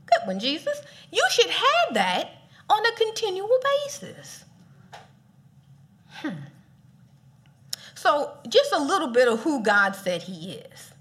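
Female preacher, high and very expressive, casual and funny. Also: slow pace, pauses often. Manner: animated, playful, laughs often. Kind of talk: casual sermon.

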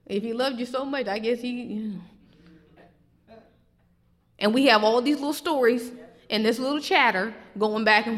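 Expressive woman preacher with a high voice. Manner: expressive, swinging between loud emphatic questions and quiet, low reflection. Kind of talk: sermon. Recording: long hall reverb.

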